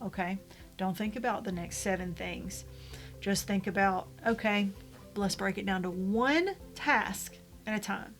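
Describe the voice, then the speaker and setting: A woman's voice: medium pitch, moderate pace, a bit bright, faint music behind. A middle-aged woman talking straight to fellow widows, blunt and motherly, with a casual tough-love manner. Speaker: widow vlogger giving advice. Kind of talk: casual motivational talk to camera.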